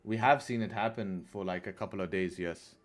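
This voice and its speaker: A man's voice: low voice, fairly quick. Laid-back man hosting a trading stream. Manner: laid-back, chatty, reads chat aloud. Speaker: live-stream trading host. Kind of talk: casual live-stream commentary. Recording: faint music behind.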